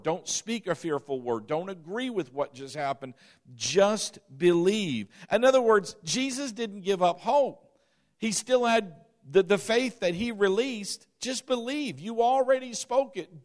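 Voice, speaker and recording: A male pastor preaching a sermon in an emphatic, animated way, with sudden swings in loudness. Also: high voice.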